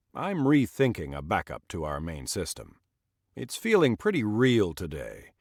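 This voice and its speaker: Lively low-voiced male audiobook narrator. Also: dry recording, studio quality. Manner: measured, expressive reading. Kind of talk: scripted first-person audiobook narration.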